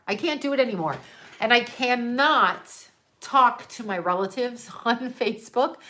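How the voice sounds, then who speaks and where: A woman's voice: medium pitch, fairly bright tone. A woman livestreaming a rambling casual monologue to her viewers, exasperated and profane, trailing off into rhetorical questions and laughing in disbelief. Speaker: livestream host talking to viewers.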